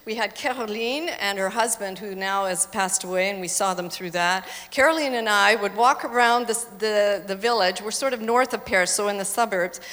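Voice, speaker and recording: A woman's voice: medium pitch, normal speed, hardly any pauses, fairly bright tone. A woman telling stories during a church slide presentation, chatty and engaging the audience with questions. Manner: chatty, quizzes audience, laughs easily. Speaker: missionary presenter. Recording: reverberant hall.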